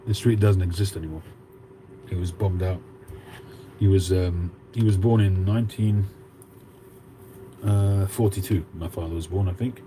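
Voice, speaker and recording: A man's voice: low voice, steady tone, moderate pace, pauses often, dark tone, slight background noise, rough recording. A man in his fifties with a Cockney accent, hosting a casual livestream and chatting with viewers as he reads out their comments. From England. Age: 50s. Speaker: livestream host.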